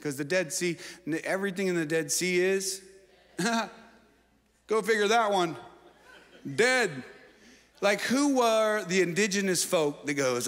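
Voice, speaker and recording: A male pastor preaching a sermon, moving between shouted exhortations and playful asides. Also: high-pitched, lively intonation, takes it slowly, pauses often, big-room sound. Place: church auditorium.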